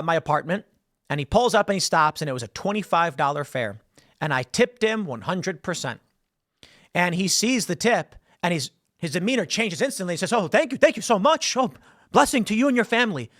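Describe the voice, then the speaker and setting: A man's voice: sits high, fairly bright tone, dry recording, studio quality. A man hosting solo political commentary in a conversational storytelling way, acting out quoted people as he goes.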